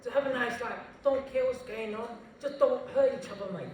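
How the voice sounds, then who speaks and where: A man voicing an easygoing bloke who just wants a nice life, in a relaxed, casual drawl. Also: extremely high pitch, brisk, slight background noise, pitched above the performer's own voice. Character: laid-back London bloke, easygoing man. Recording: echoey hall, mic far off.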